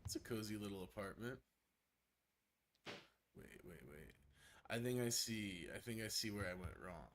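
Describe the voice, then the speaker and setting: A man with a gravelly voice and a strained throat, casually talking through a game stream. He chats freely, swears often and laughs a lot. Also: fairly low pitch, moderate pace, long pauses, fairly bright tone, slight background noise. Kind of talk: casual gameplay commentary.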